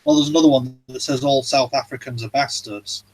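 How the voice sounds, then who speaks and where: A man's voice: medium pitch, fairly even intonation, brisk, a little mellow, poor audio. A man hosting a casual livestream chat, talking in a rambling, hesitant way with lots of fillers and swearing. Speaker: livestream host.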